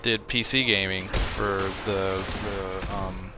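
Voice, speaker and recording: A man's voice: low-pitched, fairly even intonation, slow, background noise. A man giving casual, rambling commentary while playing a game and chatting. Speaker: gameplay streamer.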